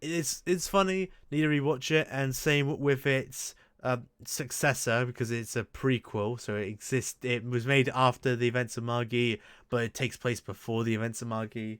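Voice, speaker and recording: Rambling, foul-mouthed man with a smooth voice. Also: medium pitch, steady tone, moderate pace, few pauses, a bit bright, no echo, clean studio sound. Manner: rambling, crude, frequent restarts. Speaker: show host. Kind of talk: casual chat ranking anime.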